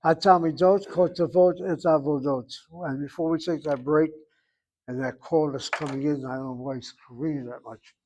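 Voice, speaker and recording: A man's voice: on the high side, steady tone, a little mellow, slight background noise, low-quality recording. A man teaching an online Hebrew class, correcting students precisely and spelling out syllables carefully. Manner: over-articulates words slowly.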